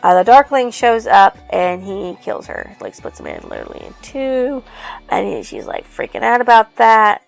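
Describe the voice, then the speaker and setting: A woman with a gravelly, fry-edged voice at an ordinary middle pitch recaps a novel in a loose, rambling way. She drifts through fillers and casual cursing as she reviews it. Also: wildly swooping pitch, moderate pace, faint music behind. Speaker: book reviewer. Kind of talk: casual book review retelling.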